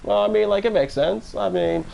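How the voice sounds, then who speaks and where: A man's voice: high-pitched, normal speed, creaky, warm tone. A man in his twenties from Florida chatting casually on a stream, rambling and joking with many restarts. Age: 20s. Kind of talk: casual live-stream chat.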